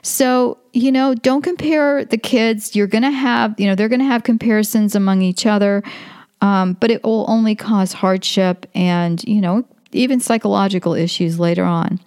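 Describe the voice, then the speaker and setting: A woman's voice: mid-range voice, normal speed, a little mellow, smooth, dry recording, clean studio sound. A middle-aged woman, a homeschooling mother of five, giving earnest, faith-based parenting advice in a casual talk, working through numbered tips. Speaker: parenting guest.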